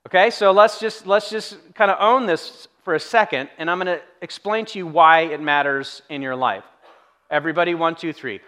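Bright, chatty man preaching a sermon. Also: a little high, normal speed, clear, resonant tone. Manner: conversational and humorous, acts out quoted voices. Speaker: pastor. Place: church sanctuary.

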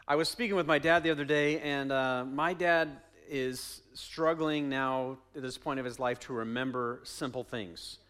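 A man's voice: medium pitch, moderate pace, few pauses, fairly bright tone, clear, resonant tone. A man preaching a sermon as pastor, conversational, asking the congregation questions and repeating his phrases.

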